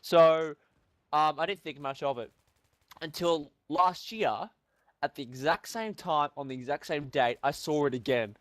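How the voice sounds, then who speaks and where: A young man telling an animated story in casual chat, swearing often and acting out what people said. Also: on the high side, a little slow, dry recording. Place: home room.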